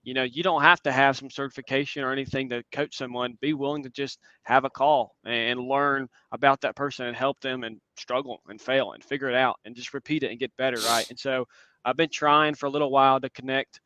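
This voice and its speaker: A man in his twenties giving an earnest, reflective conference talk and answering questions, often pausing with "um". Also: medium pitch, fairly even intonation, sharp tone, no room sound. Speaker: conference speaker. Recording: dull lo-fi sound.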